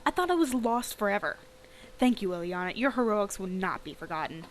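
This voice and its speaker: An old craftsman from a horse-riding game thanks the hero in an earnest, slightly solemn tone, read aloud by a woman. The voice sits at a plain middle pitch. It stays close to an everyday speaking voice. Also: big pitch swings, fairly quick, slight background noise, natural voice, rough recording. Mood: grateful. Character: old male village craftsman, grateful.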